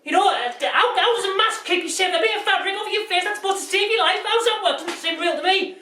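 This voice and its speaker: A man's voice: very high-pitched, fast talker, bright, forceful tone, far from the mic, slight background noise, voice pushed up. A man playing a bumbling, bigoted news anchor, stumbling over words and breaking into rants. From Britain. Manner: rambling, stumbling, bursts into rants. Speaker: comedian. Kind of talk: parody news presenting. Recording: echoey room, off-mic.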